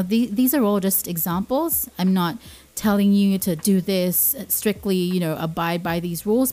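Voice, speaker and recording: A woman's voice: mid-range voice, dark tone. A young woman hosting a podcast, speaking in a casual informative way, earnest and repeating her key points for emphasis. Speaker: podcast host.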